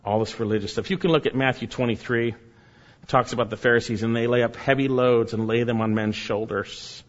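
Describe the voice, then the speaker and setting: A man preaching a sermon, emphatic, repeating key phrases and swinging between loud and soft delivery. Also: mid-range voice, fairly even intonation, a little fast. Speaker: pastor. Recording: dull sound with long hall reverb.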